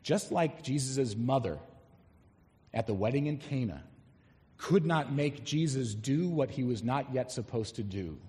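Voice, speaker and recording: Animated male preacher in a reverberant hall. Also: medium pitch, unhurried. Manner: animated, emphatic, reads scripture aloud. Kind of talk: expository sermon.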